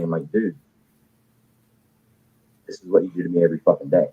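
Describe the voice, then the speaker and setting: A low-voiced man with a husky edge speaks in casual chat, emphatic and profane as he rambles on. His voice comes through a tinny phone-line connection. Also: moderate pace, long pauses, mellow. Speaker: caller on a live audio panel.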